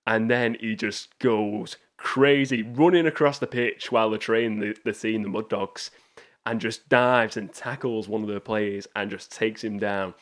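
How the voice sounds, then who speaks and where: A man's voice: lowish voice, steady tone, unhurried. A man hosting a casual film review show, talking enthusiastically with frequent restarts and rambling asides. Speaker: movie show host.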